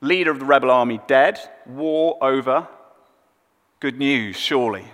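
Expressive male preacher in a reverberant hall. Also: medium pitch, normal speed. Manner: expressive storytelling, dropping soft on sad moments. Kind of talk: sermon.

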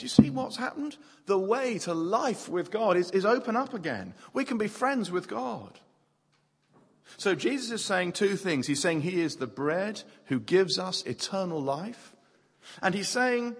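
A man's voice: high-pitched, big pitch swings, unhurried, slightly rough. A man preaching a playful sermon to a family audience, using props and repeating words as he talks. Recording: long hall reverb.

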